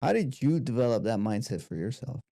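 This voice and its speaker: A man's voice: mid-range voice, big pitch swings, a little fast, creaky, no room sound, studio quality. A man hosting an interview podcast who recaps his guest's story and asks encouraging questions. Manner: warm, encouraging, summarizing questions. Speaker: podcast host.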